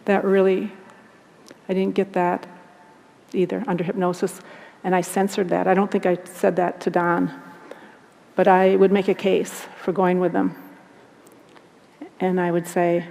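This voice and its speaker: A woman earnestly recounting personal experiences, speaking in a halting, reflective way. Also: fairly low pitch, level tone, vocal fry, dark tone, slight background noise. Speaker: guest recounting abduction experiences. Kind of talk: personal storytelling. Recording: long hall reverb.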